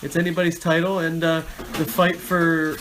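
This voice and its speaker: A man's voice: fairly high pitch, level tone, moderate pace, noisy background. A man hosting a casual chat, upbeat and playful with his co-host.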